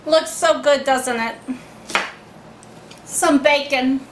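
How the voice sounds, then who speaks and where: A woman's voice: high-pitched, steady tone, slow pace, echoey room, background noise. A woman doing a bubbly Harley Quinn. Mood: playful. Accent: put-on Harley Quinn Brooklyn-style accent.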